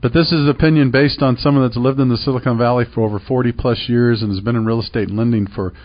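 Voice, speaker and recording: Through a muffled recording, a medium-pitched, steady-toned man talks fast while hosting a real estate radio show. Middle-aged and persuasive, he stresses his points emphatically, repeats them, and poses rhetorical questions to spur listeners to act.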